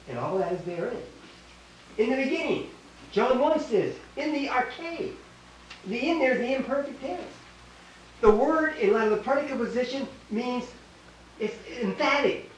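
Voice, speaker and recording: The echoey recording, made with a distant mic and faint hiss, captures an older man with a Canadian accent speaking in a very high-pitched voice at a moderate pace. He teaches a Bible class in a small church hall, emphatic, repeating himself and questioning his listeners.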